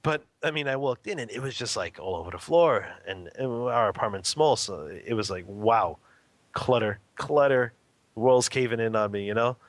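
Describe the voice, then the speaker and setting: Speaking at normal speed in a mid-range voice, a man in his thirties tells an interviewer a family story. His delivery is easygoing and animated, full of laughter and acted-out dialogue. No echo is present.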